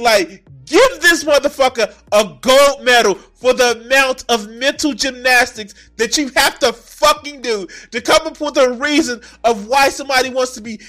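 A man reacting to a video clip, swearing a lot and breaking into incredulous shouts. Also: very high voice. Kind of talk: profane reaction commentary.

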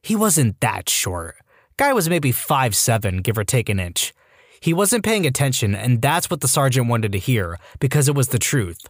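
A man reading online stories aloud as scripted narration, lively and now and then voicing the people in them. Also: mid-range voice, normal speed, dry recording, clean studio sound. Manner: lively reading with voiced character quotes. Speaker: story narrator.

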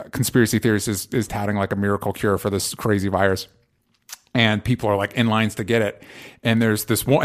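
A man co-hosting a podcast, chatting casually and rambling about movies, with frequent swearing and animated asides. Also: medium pitch. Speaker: podcast co-host.

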